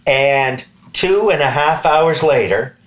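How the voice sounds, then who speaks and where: A man's voice: a little high, takes it slowly. A man from the East Coast of Canada telling a comic story among friends, swearing freely and acting out the lines of people in the story. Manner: profane, animated, acts out quoted lines. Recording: roomy echo.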